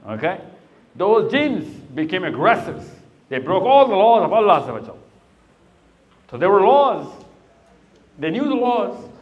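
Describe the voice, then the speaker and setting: A man's voice: high-pitched, big pitch swings, unhurried, long pauses, muffled recording. A middle-aged man speaking to young people in a live talk, quizzing them patiently and then telling a long story. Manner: questioning, coaxing and storytelling.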